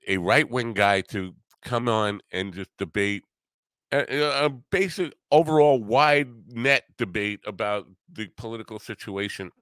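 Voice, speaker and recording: A man's voice: fairly low pitch, a bit bright, smooth, no echo. A man hosting a podcast, talking casually and at length, self-deprecating and full of fillers. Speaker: podcast host.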